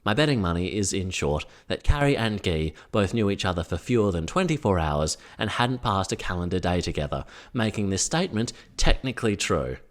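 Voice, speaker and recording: A man's voice: low voice, very animated, a little fast, few pauses. Wry, sarcastic man recapping a show. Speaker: recap vlogger. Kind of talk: comedic episode recap commentary.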